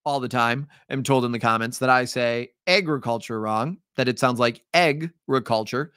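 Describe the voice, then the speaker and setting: A man's voice: mid-range voice, level tone, moderate pace, a bit bright, clear, resonant tone, dry recording, clean studio sound. A man with a Midwestern accent, teaching an upbeat, chatty live-stream review lesson with frequent ums. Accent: Midwestern American.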